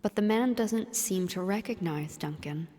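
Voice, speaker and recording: A woman co-hosting a let's play, reading the game narration aloud in an even, measured way with casual asides. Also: mid-range voice, in a large hall.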